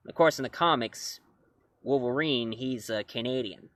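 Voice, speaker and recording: A man chats to camera about comics and films, rambling and restarting his sentences. His voice sits at a middle pitch for a man. The sound is close and dry. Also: moderate pace, fairly bright tone, no echo. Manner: rambling, self-correcting, chuckling. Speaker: comics and film reviewer. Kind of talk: casual talk-to-camera review.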